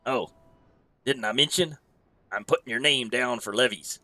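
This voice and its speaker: A man's voice: mid-range voice, normal speed, bright, forceful tone, no room sound. A man voicing a wry, scheming male pirate innkeeper from a game, reading the dialogue in old sea-dog dialect.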